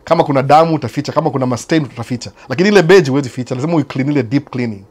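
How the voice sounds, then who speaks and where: Man, kenyan accent, quick delivery, casual host chat, switches between swahili and english, repeats himself, mid-range voice. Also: mid-range voice, a little mellow, breathy edge. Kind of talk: casual live chat answering viewers. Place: United States.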